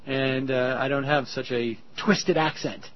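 A male radio host from Massachusetts, giving mocking political commentary that is energetic and gets loud. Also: mid-range voice, a little slow. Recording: dull lo-fi radio clip.

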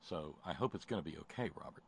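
A man's voice: deep voice, expressive, quick pace, slight background noise. A man hosting a political call-in radio show, talking casually with sarcasm and frequent stammering restarts. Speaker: radio talk show host.

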